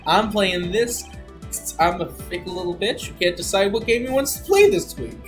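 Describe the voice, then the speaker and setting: A man's voice: high voice, animated, moderate pace, soft background music. A man streaming a game, talking in a casual, crude, self-mocking way and swearing freely. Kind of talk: casual let's-play commentary.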